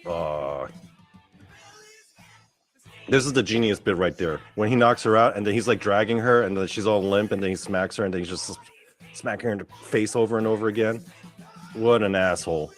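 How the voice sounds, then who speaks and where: A man hosts his own show with a fairly low voice. He gives loose, profane and excitable commentary as he watches a clip. Faint music plays underneath him. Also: a little fast, pauses often. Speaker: podcast host. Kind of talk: casual commentary over a wrestling clip.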